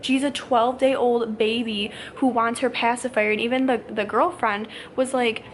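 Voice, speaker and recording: Rambling young woman vlogger, high voice. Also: fairly even intonation, a little hiss or hum. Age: 20s. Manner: fast, rambling, full of "like". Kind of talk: casual ranting vlog to camera.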